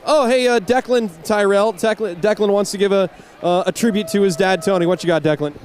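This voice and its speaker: An emotional, high-voiced male rink interviewer. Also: brisk, a little hiss or hum. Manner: emotional, gushing, rambling with restarts. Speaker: on-ice interviewer for a hockey broadcast. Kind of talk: excited on-ice interviews. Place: on the ice at a rink after a game.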